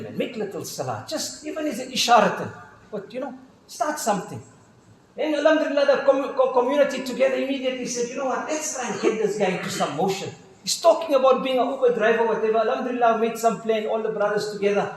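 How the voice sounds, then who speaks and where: High-voiced South African imam in echoey hall. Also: male voice, a little hiss or hum. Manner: retells stories with quoted dialogue, casual slang. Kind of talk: sermon storytelling. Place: mosque hall.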